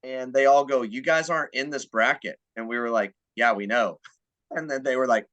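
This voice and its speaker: A man co-hosting a casual sports podcast, relaxed and recalling a shared trip. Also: mid-range voice, normal speed, highs cut off. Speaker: podcast co-host.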